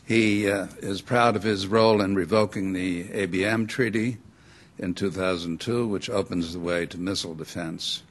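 An older man with a very low voice speaks emphatically in an interview. He pauses and fills gaps with "uh" while building his points. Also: steady tone.

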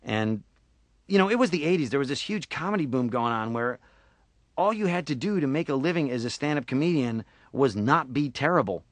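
Man, middle-aged, from syracuse, joking interview chat, puts on funny voices, medium pitch, dry close mic. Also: lively intonation, a little fast, no echo. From Syracuse, New York. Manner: jokey, slips into put-on voices and impressions. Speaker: voice actor guest.

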